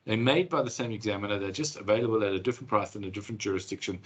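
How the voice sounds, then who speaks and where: Husky, chatty male law lecturer. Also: lowish voice, rapid-fire. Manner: conversational, enthusiastic, frequent fillers and restarts. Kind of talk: university lecture.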